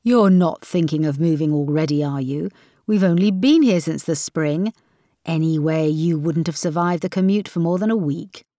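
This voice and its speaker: A woman's voice: low-pitched, dry recording, studio quality, lightly acted. A woman reading as a wry, teasing husband. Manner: wry, measured, gently mocking. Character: man, married, dry and teasing.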